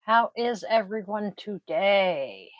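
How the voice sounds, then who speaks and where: Slow-talking sleepy woman vlogger. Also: mid-range voice, animated, no room sound, lo-fi sound. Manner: chatty, easygoing, self-deprecating. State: sleepy and groggy. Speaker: tarot reading vlogger. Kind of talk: casual chat to viewers.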